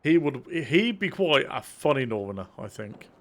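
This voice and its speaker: A man streaming a game live, swearing often and talking to his viewers in excited bursts. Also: mid-range voice, moderate pace. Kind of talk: live gameplay commentary.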